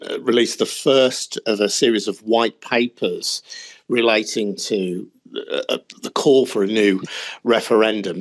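Brief: man, political interviewer, measured and probing, lower voice.

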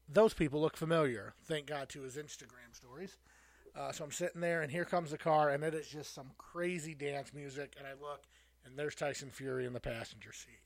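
A man's voice: fairly high pitch, no room sound. A man co-hosting a podcast, telling a rambling anecdote in casual chat. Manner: rambling anecdote with fillers and laughs. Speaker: podcast co-host.

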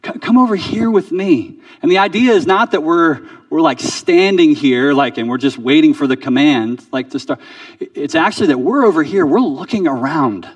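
A man preaching a sermon in a conversational way, often repeating words and dropping to a soft voice for emphasis. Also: a little high, normal speed, no echo, far from the mic. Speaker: pastor.

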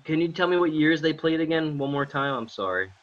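A man co-hosting a podcast in casual chat, tossing out dry, deadpan quips. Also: fairly high pitch, brisk. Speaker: podcast co-host. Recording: dull lo-fi sound.

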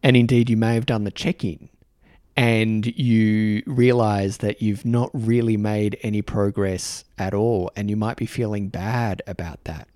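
A man with an Australian accent, hosting a podcast and talking earnestly to the camera, halting and restarting his sentences often. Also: on the low side, fairly even intonation, warm tone, no room sound, clean studio sound. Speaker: podcast host. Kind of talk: reflective solo talk to camera. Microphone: microphone in front of him.

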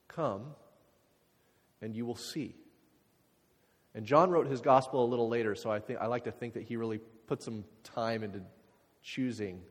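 Casual-talking pastor in a reverberant hall. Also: male voice, mid-range voice. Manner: conversational, many fillers, drops to quiet reflective passages. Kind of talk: sermon.

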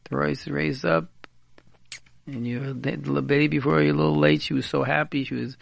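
Male radio advice speaker, very gravelly, repeats words for emphasis, peppers in Hebrew and Yiddish, dry close sound. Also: a little high, steady tone, a little fast, no room sound. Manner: mixes in Hebrew and Yiddish terms. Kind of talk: informal advice talk.

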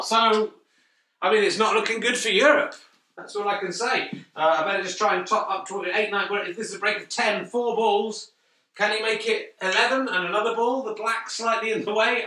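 A man giving deadpan, jokey mock snooker commentary. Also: sits high. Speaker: comedian doing mock commentary. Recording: echoey room, mic at a distance.

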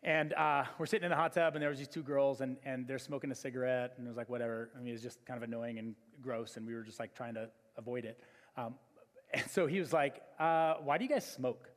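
A man's voice: mid-range voice, quick pace. Man preaching in a reverberant church hall. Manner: animated storytelling, many fillers. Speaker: pastor. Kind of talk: sermon.

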